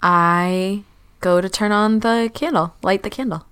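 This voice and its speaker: Hoarse woman playing a tabletop game. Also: mid-range voice, fairly even intonation, measured pace, a bit bright. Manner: chatty, planning aloud. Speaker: player.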